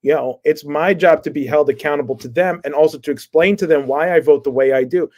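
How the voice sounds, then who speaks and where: A man running for office answers questions over a remote stream call. He speaks earnestly and steadily and lays out his reasoning. His voice is a little higher than most men's. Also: fast, darkish tone. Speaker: congressional candidate guest. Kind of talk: interview answer.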